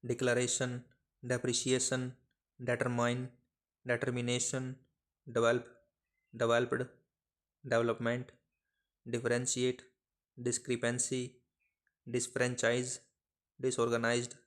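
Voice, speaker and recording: A man reading out short phrases and single words one by one for shorthand dictation practice, in a measured, even delivery. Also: medium pitch. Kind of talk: slow dictation of word lists.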